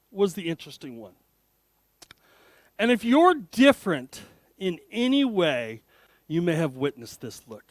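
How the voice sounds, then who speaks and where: Guest speaker in his fifties, high-pitched and lively, joking at his own expense, dry close sound. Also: no room sound. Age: 50s. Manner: animated, self-deprecating, joking. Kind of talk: humorous storytelling talk to an audience.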